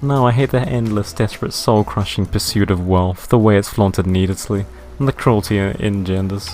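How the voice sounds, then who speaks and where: A man's voice: on the low side, steady tone, normal speed, a little mellow, faint music behind, natural voice. A man reading as a prickly idealistic young man. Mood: scornful.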